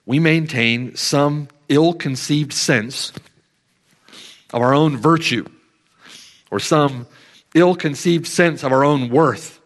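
A man preaching a sermon who swings from hushed, slow reflection to loud, emphatic declarations, drawing out key words. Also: fairly high pitch.

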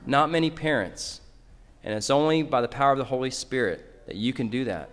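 A man's voice: mid-range voice, lively intonation, a little fast, a bit bright, in a large hall. A man preaching a sermon in a church, earnestly addressing parents directly. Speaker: pastor.

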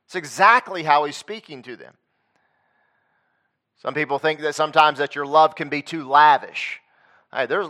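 A man's voice: a little high, fairly bright tone. A man preaching a sermon in a conversational way, asking the congregation questions and repeating his points.

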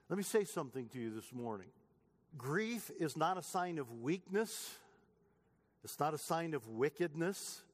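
High-voiced pastor preaching in a reverberant hall. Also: male voice. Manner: emphatic, rising passion when quoting psalms. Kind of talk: sermon.

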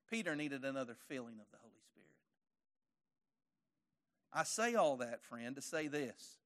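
A man preaching a sermon, telling the story in a folksy way, his voice climbing to forceful peaks and dropping low again. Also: very animated, moderate pace, pauses often.

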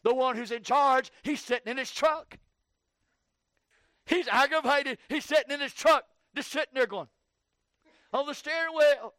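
A man preaching an evening sermon in repetitive call-and-response style, swinging from hushed low phrases to shouted peaks. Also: measured pace, pauses often, dry recording.

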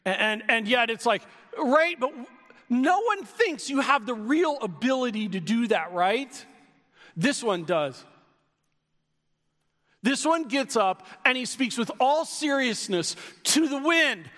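A man preaching a sermon in a lively way, sometimes raising his voice to a shout for key lines. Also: extremely high pitch, unhurried. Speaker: pastor. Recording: long hall reverb.

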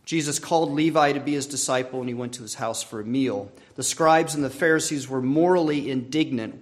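A man preaching a sermon from the pulpit. He speaks earnestly and at a measured pace, lifting his voice to stress a point and letting phrases fall away softly at the end. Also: mid-range voice. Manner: earnest, measured preaching with rising emphasis and soft trailing ends. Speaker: pastor.

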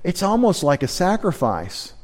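A man, a pastor, preaching an earnest midweek sermon, slowing down to stress key words. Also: high voice, wildly swooping pitch, a little mellow. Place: church service.

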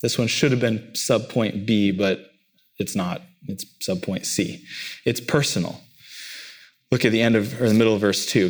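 A man's voice: fairly low pitch, normal speed. A pastor delivering a sermon, repeating phrases emphatically and lifting his voice on key words.

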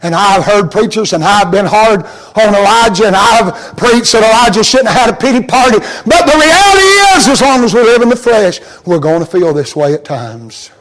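A male preacher with an unusually high voice delivers a sermon in plain, folksy words. His delivery swings between hushed, drawn-out storytelling and fervent shouted emphasis. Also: animated.

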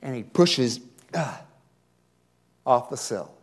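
A male pastor preaching a revival sermon, swinging from loud pleading to hushed, slow emphasis. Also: medium pitch, lively intonation, breathy edge.

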